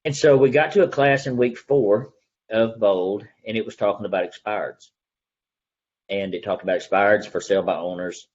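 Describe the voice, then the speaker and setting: In a casual interview, a middle-aged real estate agent with an East Texas drawl tells a story at a moderate, slightly mellow pace. His husky, fairly low voice is folksy and earnest, and he acts out the voices of people he remembers. The audio is dull and lo-fi.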